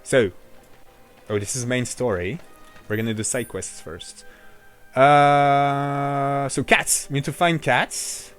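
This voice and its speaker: A man streaming a video game, chatting casually and joking with his viewers in an excitable, bantering way. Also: mid-range voice, takes it slowly, long pauses, clear, resonant tone, soft background music. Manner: excitable, jokey banter with chat.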